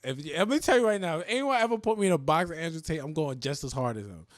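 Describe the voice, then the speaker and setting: A man hosting a podcast, talking in an animated, profane way and laughing often. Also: on the high side, fast talker, dry recording, clean studio sound. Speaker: podcast host. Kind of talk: casual podcast chat.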